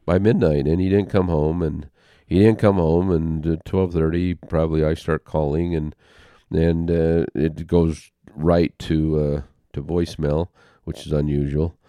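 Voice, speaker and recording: An older man telling a personal story as an interview guest, halting and heartfelt, with pauses and restarts. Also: extremely low pitch, flat delivery, warm tone, dry recording.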